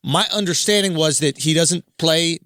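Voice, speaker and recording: A man's voice: on the high side, normal speed, bright, forceful tone, dry recording. A man co-hosting a podcast, joking and teasing with profanity, speaking into a studio microphone. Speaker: podcast co-host. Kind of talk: casual podcast banter.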